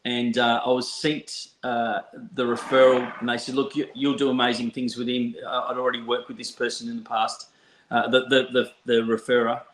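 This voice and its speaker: A man with an Australian accent telling a story from his counselling work in a relaxed chat, laughing often and restarting sentences. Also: medium pitch, moderate pace, slight background noise. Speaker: counsellor, podcast guest. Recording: roomy echo.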